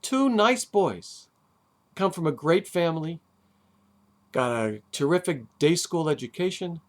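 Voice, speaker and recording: A rabbi delivers a short sermon, his voice sitting a little high for a man. He takes his time, leaning on key words and letting pauses hang, with touches of dry wit. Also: animated. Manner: deliberate, with long dramatic pauses and emphatic stresses. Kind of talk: sermon on the weekly Torah portion.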